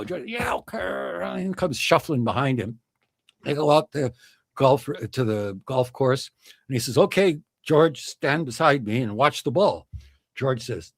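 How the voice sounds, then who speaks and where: Middle-aged male streamer, lively pitch, slightly husky, dry close sound. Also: unhurried, no room sound. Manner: chuckling, acts out joke voices with big pitch swings. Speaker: livestream host. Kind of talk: casual chat, reading viewer comments and telling jokes.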